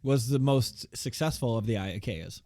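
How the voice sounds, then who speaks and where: A man co-hosting a podcast in casual chat, sardonic and quick to swear. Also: mid-range voice, dark tone, no room sound, clean studio sound. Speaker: podcast co-host.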